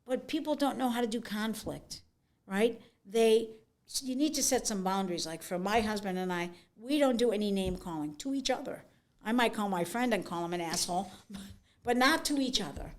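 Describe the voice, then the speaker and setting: A middle-aged woman author telling stories from her life in an interview, frank and animated, often acting out what people said. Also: on the high side. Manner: frank, animated storyteller, acts out quotes. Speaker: author and guest. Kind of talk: conversational interview.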